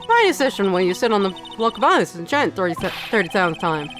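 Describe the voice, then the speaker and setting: A woman's voice: medium pitch, big pitch swings, fast talker, natural voice. A woman voicing an old head nun who frets and rambles about her aching back, over game music. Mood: flustered. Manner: fretful, rambling complaints.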